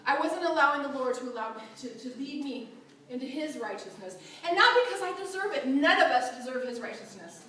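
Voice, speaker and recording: A woman teaching a church Bible class, animated and often acting out quotes with a laugh. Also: high voice, brisk, slight background noise. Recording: very echoey room, mic far off.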